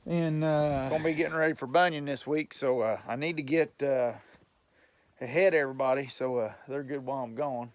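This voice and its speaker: A man's voice: mid-range voice, fairly quick. A man talking casually in a vlog about his mill work, rambling and folksy, chuckling often. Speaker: logger and mill worker vlogger.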